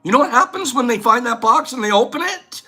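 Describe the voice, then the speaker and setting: Lively rambling man hosting a vlog. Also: extremely high pitch, brisk, slightly rough, soft background music. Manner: rambling, lecturing. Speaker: host. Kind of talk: casual vlog talk.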